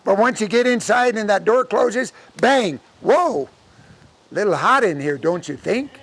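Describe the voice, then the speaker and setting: A man telling a traditional folk tale to a live audience, acting out the characters' lines in an animated way. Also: high-pitched, measured pace. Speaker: storyteller. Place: lecture audience setting.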